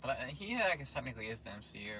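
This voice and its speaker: A man's voice: mid-range voice, sing-song, racing, pushed and bright, a little hiss or hum. A man in casual chat, co-hosting and teasing his partner with jokes. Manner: teasing, joking. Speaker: co-host.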